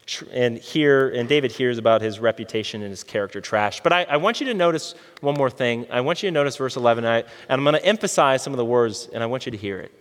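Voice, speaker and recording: Lively-voiced male preacher in a hall. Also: medium pitch, quick pace, hardly any pauses. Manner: conversational, asks the audience questions. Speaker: pastor. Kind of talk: sermon.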